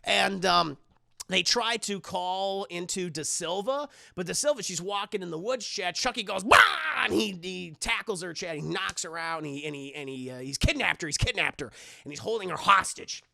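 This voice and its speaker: A rambling man retelling a film to his stream chat, swearing and restarting his sentences as he goes. His voice is gravelly and bright. The sound is dry and close. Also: sits high, moderate pace, no room sound. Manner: rambling, profane, talks to chat, many restarts. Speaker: livestream movie reviewer. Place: home streaming setup.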